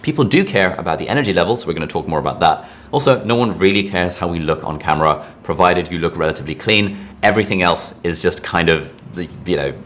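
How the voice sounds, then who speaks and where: A man's voice: low voice, animated, fast talker, hardly any pauses, a bit bright, slight background noise. A man teaching an online lesson in a casual, chatty way, full of asides and fillers. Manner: chatty, rambling asides, frequent "like". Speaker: online course instructor.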